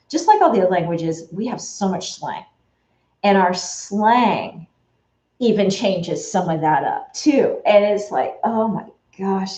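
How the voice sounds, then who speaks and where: A woman's voice: mid-range voice, a little mellow. A woman chatting casually while she works, rambling through her thoughts with lots of fillers and restarts. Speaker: Etsy shop owner. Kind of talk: casual chat while working. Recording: echoey, dull lo-fi room recording.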